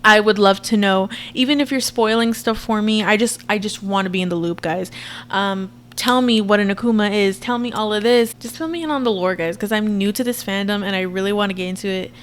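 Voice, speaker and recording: A woman in her twenties giving a chatty, expressive reaction commentary to her viewers. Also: medium pitch, fairly quick, a little hiss or hum. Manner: chatty and expressive, frequent laughs and asides to viewers. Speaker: reaction vlogger.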